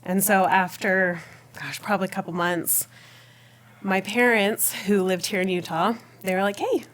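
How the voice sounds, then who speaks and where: Speaking at normal speed in a mid-range voice, a woman appears as a podcast guest recounting her personal faith journey in conversation. She tells it with animation, laughing a lot and reenacting what she said at the time.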